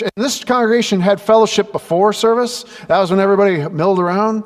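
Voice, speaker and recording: A male pastor preaching a sermon, telling stories and acting out the dialogue with lively energy. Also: sits high, fast talker. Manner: animated storyteller who acts out dialogue. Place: church sanctuary. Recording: echoey church with faint background noise.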